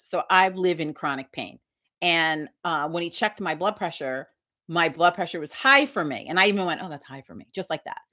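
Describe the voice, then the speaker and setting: A woman's voice: fairly low pitch, a bit bright. A woman hosting a casual live stream, telling a story bluntly and animatedly with a lot of swearing. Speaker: livestream host.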